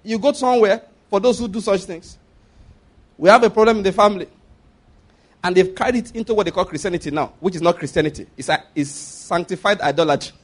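High-pitched male preacher, emphatic and repetitive sermon delivery. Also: fast talker. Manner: emphatic, repeats phrases, asks listeners if they follow.

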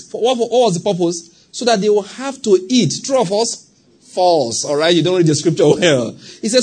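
A man's voice: high voice, a little fast, husky. A man with a Nigerian accent preaching a sermon to a congregation, acting out short scenes and asking them questions as he goes. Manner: animated, acts out little scenes and asks the congregation questions. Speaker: pastor.

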